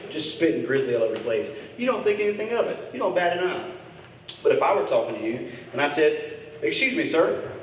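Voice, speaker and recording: A male stand-up comedian working a crowd with crude, teasing bits. His voice sits at an ordinary middle pitch. It comes across as a dull, slightly muffled recording from a distance in a long-echoing club, with faint noise behind it. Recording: echoey club recording from far off.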